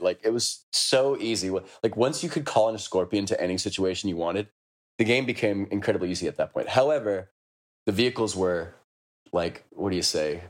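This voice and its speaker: A man's voice: on the low side, a little fast. A man co-hosting a podcast, rambling and swearing in casual chat about a video game. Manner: rambling, profane, laughs while mimicking characters. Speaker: podcast co-host.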